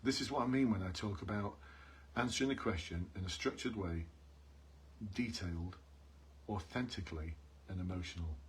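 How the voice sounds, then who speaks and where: This man's deep, husky voice moves at a normal speed as he coaches people applying for police jobs over a live stream. His manner is earnest, and he keeps repeating the main points and addressing viewers directly.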